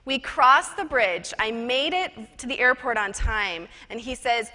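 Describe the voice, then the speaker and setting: A woman giving a personal storytelling talk at a conference, chatty and lively, with casual fillers. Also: high-pitched, normal speed, hardly any pauses. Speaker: conference speaker and professional psychic. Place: conference stage in a large hall. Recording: reverberant conference hall.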